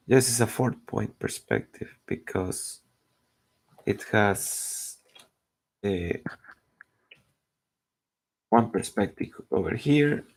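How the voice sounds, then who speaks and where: A man's voice: fairly low pitch, vocal fry, darkish tone, husky. A man chatting casually while drawing, rambling and searching for words. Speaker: artist narrating his drawing.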